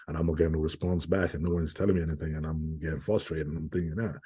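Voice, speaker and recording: A man's voice: very deep voice, flat delivery, fast talker, warm tone, breathy edge. A young man, a guest in an interview, tells a personal story in an earnest, casual way and repeats phrases as he acts out what others said. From United Kingdom. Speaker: guest, professional bodybuilder.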